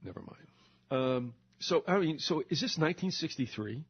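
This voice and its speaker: A man's voice: fairly high pitch, expressive, moderate pace, husky. An older man hosting a talk show, ranting in a sarcastic, indignant monologue with mocking asides. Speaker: radio talk show host. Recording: dull lo-fi recording.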